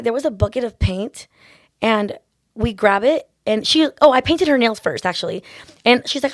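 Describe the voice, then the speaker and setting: A woman's voice: on the high side, no room sound, clean studio sound. A woman nail artist telling stories in a casual chat, full of "like" and "literally". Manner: fast, chatty storyteller, lots of "like" and "literally".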